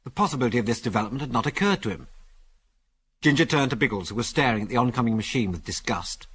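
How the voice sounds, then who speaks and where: A man's voice: mid-range voice, fast talker, husky. A man narrating an adventure story in a dramatic, storytelling manner. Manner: dramatic storytelling, animated delivery.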